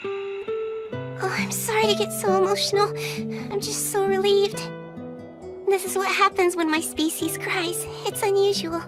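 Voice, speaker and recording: A high-pitched young witch girl. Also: little pitch movement, a little slow, long pauses, over music. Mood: earnest. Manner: polite, earnest. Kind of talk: anime English dub.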